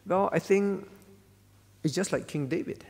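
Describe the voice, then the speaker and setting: With a high, gravelly, slightly rough and a little mellow voice, a male pastor speaks at a measured pace against a long reverb tail. His conversational sermon at a church-hall prayer meeting is punctuated by frequent "all right?" check-ins with the congregation.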